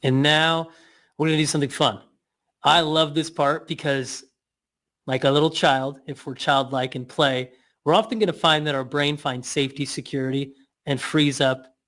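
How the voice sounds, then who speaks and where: Man, slightly high voice, guided exercise instructor, slow drawn-out cues, playful asides. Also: fairly even intonation, a bit bright. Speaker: breathing and mouth exercise instructor.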